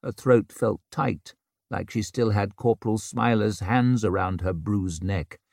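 A man narrating a fantasy audiobook in a measured, scripted way, recorded close to the mic. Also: lowish voice, vocal fry, a little mellow, no echo. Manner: measured, unhurried.

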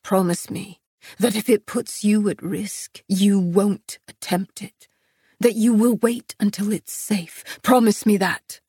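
A woman reading an audiobook and voicing an ardent, intense male lover, low and urgent. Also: fairly even intonation, slow, warm tone, slightly rough, no echo, studio quality.

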